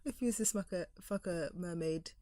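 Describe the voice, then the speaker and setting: A woman's voice: fairly low pitch, brisk, dark tone, dry recording. A woman co-hosting a podcast in casual chat, giggly and rambling, often trailing off mid-sentence. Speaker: podcast co-host.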